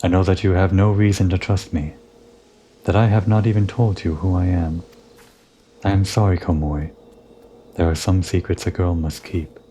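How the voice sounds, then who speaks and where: A man reading the lines of an earnest, mysterious young woman who pleads haltingly, reading game dialogue aloud. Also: sits low, steady tone, dark tone, a little hiss or hum, close to an everyday voice. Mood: pleading.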